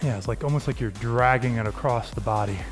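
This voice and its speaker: A man's voice: medium pitch, quick pace, faint music behind. A man leading a home dumbbell workout as fitness coach, calling out cues and counting reps in an encouraging way.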